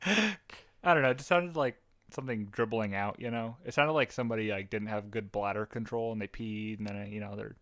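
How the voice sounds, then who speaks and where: A man's voice: on the low side, a little fast, a bit bright, dry recording, studio quality. A young man co-hosting a podcast in goofy, casual chat, stammering and laughing a lot. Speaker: podcast co-host.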